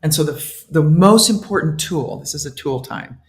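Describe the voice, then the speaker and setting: A man's voice: a little high, normal speed. A man being interviewed as a detox specialist, talking animatedly and laughing often. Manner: animated, acts out inner dialogue, laughs often. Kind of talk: casual interview talk. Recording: echoey room.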